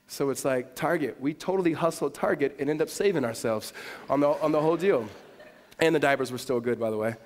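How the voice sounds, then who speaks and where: Pastor preaching in a reverberant hall. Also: male voice, a little fast. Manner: storytelling, swings from hushed to loud and high. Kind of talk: sermon.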